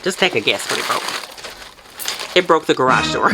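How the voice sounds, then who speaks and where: A woman chatting casually while packing orders, telling stories in an animated way and laughing often. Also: lowish voice, moderate pace, creaky, over music, rough recording. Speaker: soap maker vlogger.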